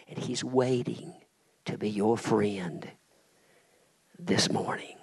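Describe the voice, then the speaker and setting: Older preacher, dramatic revival style, hushed whispers swelling to full shouts. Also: male voice, fairly low pitch, fairly even intonation, takes it slowly, vocal fry, pauses often, husky.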